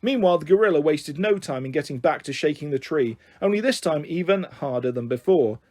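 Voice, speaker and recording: A man reads a children's story aloud. His voice is high and animated, with wide swings. He is expressive throughout. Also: a little fast, no echo.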